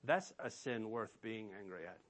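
A man's voice: lowish voice, moderate pace, a bit bright. A man preaching a sermon as pastor, emphatic and asking rhetorical questions of his listeners.

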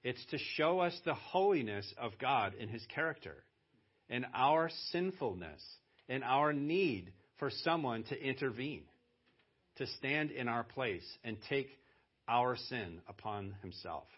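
A man's voice: medium pitch, expressive, measured pace, husky. A man preaching a sermon as pastor, talking conversationally and then pressing hard on key words for emphasis. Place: church. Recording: dull lo-fi church sermon audio.

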